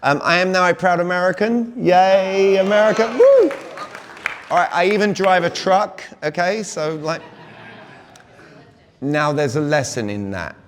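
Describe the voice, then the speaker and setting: A British man in his forties giving an energetic live sales talk at a conference, constantly quizzing the audience. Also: a little high, moderate pace, pauses often, background noise. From Britain. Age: 40s. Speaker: conference speaker. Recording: long reverb of a big hall.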